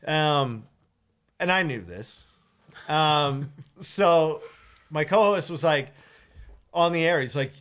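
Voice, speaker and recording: A man who hosts a morning radio show tells a story in loose, casual chat. His voice sits a little high, and he gets animated, laughing often and acting out both sides of an argument. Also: measured pace. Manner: animated, laughs often, acts out quoted lines.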